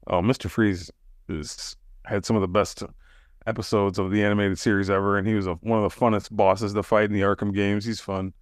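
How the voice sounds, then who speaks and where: A man co-hosting a podcast, chatting casually and relaxed, often hedging with fillers. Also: lowish voice, fairly quick, dry recording, studio quality. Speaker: podcast co-host. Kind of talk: casual chat.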